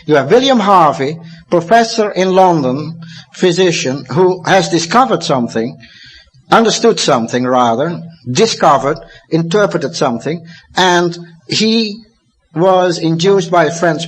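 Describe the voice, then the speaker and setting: Give me a Dutch man in his fifties with a slightly high voice, lecturing emphatically. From Netherlands. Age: 50s. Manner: emphatic, with sudden rises to high excitement and drops to low, quiet asides.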